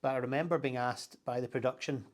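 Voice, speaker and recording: A Scottish man in a casual interview, telling animated stories with laughs and lots of historical detail. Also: mid-range voice, quick pace. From Scotland. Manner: animated storyteller, laughs while talking, full of historical detail. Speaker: interviewee, content creator. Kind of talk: casual chat.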